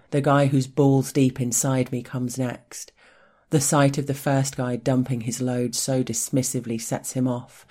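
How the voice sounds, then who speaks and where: Hushed woman reading a story. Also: a bass voice. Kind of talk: first-person story reading.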